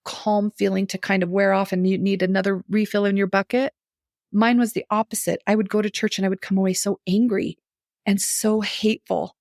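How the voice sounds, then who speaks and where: A woman's voice: mid-range voice, no echo, studio quality. Middle-aged woman telling a story animatedly. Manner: animated, acts out her own past reactions, laughs often. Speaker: podcast guest. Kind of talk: casual personal storytelling.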